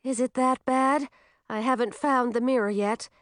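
A woman's voice: high voice, fairly even intonation, moderate pace, dry recording, clean studio sound, voice pushed up, natural voice. A woman voicing a polite, slightly hesitant young girl.

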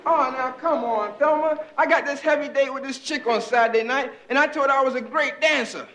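A man's voice: extremely high pitch, brisk, fairly bright tone. A young man playing a skinny, boastful teenage son in a sitcom family, wisecracking and brash. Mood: teasing. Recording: noisy old television recording.

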